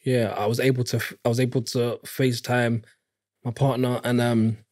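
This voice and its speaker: A man's voice: mid-range voice, little pitch movement, normal speed, darkish tone. A man, a podcast guest telling his story candidly with street slang. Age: 30s. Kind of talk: casual interview chat.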